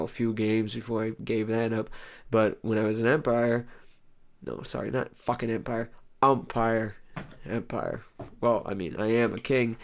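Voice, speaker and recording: A man with a hoarse voice hosting a comedic talk show, rambling sarcastically and clearing his throat often. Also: on the low side. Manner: sarcastic, rambling, deadpan jokes with mock outbursts. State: hoarse, lost voice. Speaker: host.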